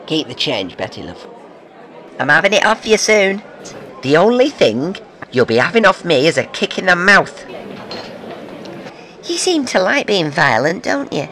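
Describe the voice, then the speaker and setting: A man voices foul-mouthed soap neighbours trading insults in a comedy fan dub. His voice is high-ish and very lively in pitch. It has a bright, sharp bite. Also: slight background noise, exaggerated voice. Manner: sweary, insulting, comic. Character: foul-mouthed feuding soap street residents. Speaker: fan comedy dubber voicing several soap characters.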